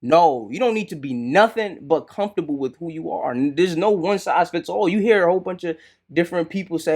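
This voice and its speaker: Relaxed slangy man commenting. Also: a little high, brisk. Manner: relaxed slangy talk, often asks "right?". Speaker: podcast host reacting to a clip. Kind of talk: casual commentary.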